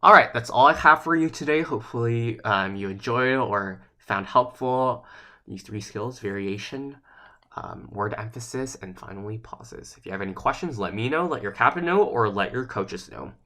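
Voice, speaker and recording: Bright-voiced man teaching a lesson. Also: medium pitch, animated, moderate pace. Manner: casual, explanatory, checks in with "right?". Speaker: speech and debate coach. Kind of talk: instructional video lesson.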